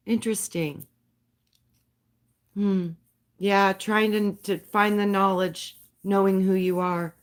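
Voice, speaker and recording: A woman talks to her live-stream viewers at a slow, unhurried pace. Her delivery is soft, dreamy and spiritual. Her voice trembles with emotion now and then. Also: medium pitch, steady tone. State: voice shaking with emotion. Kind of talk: slow heartfelt live-stream talk and poem reading.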